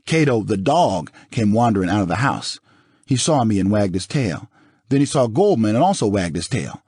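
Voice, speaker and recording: A man narrating an audiobook in the first person with a dramatic, expressive reading. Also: lowish voice, normal speed, breathy edge, no room sound, clean studio sound.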